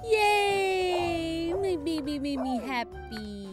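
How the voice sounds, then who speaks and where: A woman giving bubbly, excitable commentary while playing a video game, talking to the characters on screen. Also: sits high, normal speed, over loud music. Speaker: gaming video host. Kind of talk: casual gameplay commentary.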